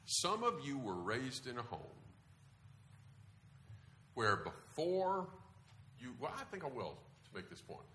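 A middle-aged man preaching a sermon, telling stories in an animated way with sudden loud bursts. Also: mid-range voice, slow, pauses often, a little hiss or hum. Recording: echoey room.

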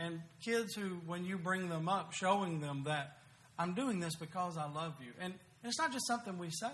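Bright-voiced folksy male preacher. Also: on the high side. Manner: folksy storytelling preaching with restarts. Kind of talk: sermon.

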